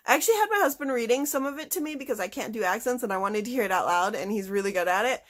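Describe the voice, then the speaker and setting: A woman with a fairly high voice talks through her latest book haul in a relaxed, chatty way. She gets eager and bubbly over each find and scatters small fillers through her sentences. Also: very fast. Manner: chatty and excitable, with many fillers like "like". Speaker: book vlogger. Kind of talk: casual book haul chat.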